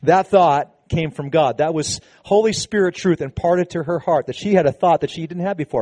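A man preaching a sermon to a congregation, emphatic, slowing down on key phrases and leading call-and-response. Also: fairly high pitch, a little mellow, no echo. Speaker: pastor.

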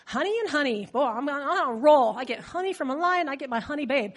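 A brash, boastful young strongman, loose and joking, as a woman preacher puts him on in her own high voice. He swaggers through his lines casually, like a guy who thinks he's on a winning streak. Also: lively intonation, fast talker.

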